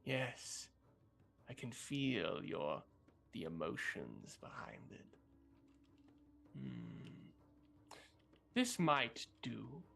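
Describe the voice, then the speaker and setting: A man voicing an eerie old female witch who speaks slowly and quietly in a low murmur. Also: huge pitch swings, creaky, full character voice. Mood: musing. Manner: slow, low, murmuring delivery.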